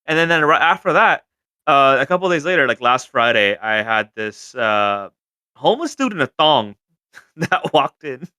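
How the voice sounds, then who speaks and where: A man co-hosting a casual podcast, telling stories in an animated way and swearing freely. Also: medium pitch, normal speed, clean tone, dry recording. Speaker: podcast co-host, car shop owner.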